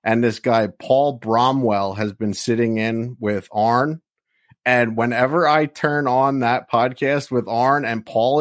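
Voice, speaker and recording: A man's voice: mid-range voice, slow pace, no echo, studio quality. A man co-hosting a casual wrestling podcast, talking in a rambling way with many restarts. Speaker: podcast co-host.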